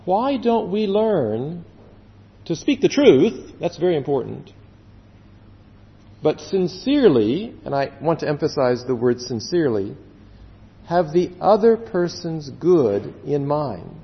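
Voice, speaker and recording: A male pastor preaches in a slightly high, very lively voice, leaning on slow, drawn-out words and then falling quiet. The sound is dull and carries a long hall reverb. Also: gravelly. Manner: earnest, with slow drawn-out emphasis and sudden drops to quiet. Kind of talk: sermon.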